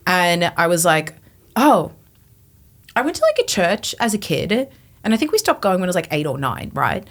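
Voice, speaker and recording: A woman in her twenties, a podcast guest, telling her personal testimony in an animated way, acting out her past thoughts. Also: on the low side, normal speed. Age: 20s.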